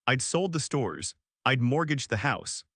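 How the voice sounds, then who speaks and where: A man narrating a first-person story in a steady, even storytelling manner. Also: medium pitch, a little slow, gravelly, breathy edge, no echo, clean studio sound.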